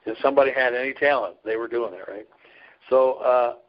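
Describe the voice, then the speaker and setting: Talking a little fast in a mid-range voice, a man recounts stories during a casual interview as a trucker chaplain and ministry leader. He's folksy and earnest, laughs a lot, and the recording is dull and lo-fi.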